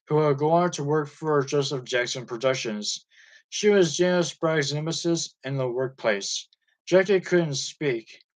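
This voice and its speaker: A man's voice: on the high side, low-quality recording. Man reading a biography aloud. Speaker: audiobook reader.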